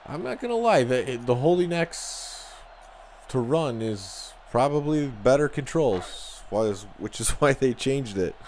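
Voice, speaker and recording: A man with a Chicago accent commentating casually as he plays a football video game, chatty and relaxed as he reacts to plays and viewers. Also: medium pitch, takes it slowly, slight background noise. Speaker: gaming channel host.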